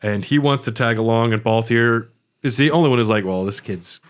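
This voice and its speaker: A man's voice: medium pitch, brisk, clean tone. A man co-hosting a podcast, casually recapping a video game and laughing easily. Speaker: podcast co-host.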